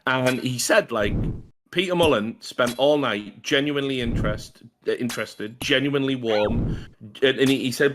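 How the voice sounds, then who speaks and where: A man's voice: medium pitch, fairly quick, background noise. A man co-hosting a casual film podcast, telling a rambling story full of swearing. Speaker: podcast co-host.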